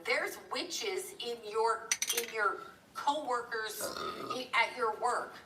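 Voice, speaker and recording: In an echoey room, a bit far from her mic, a middle-aged woman runs a live stream and tells a meandering, chatty story, pausing to thank viewers. Her voice sits on the high side and moves slowly against a noisy background.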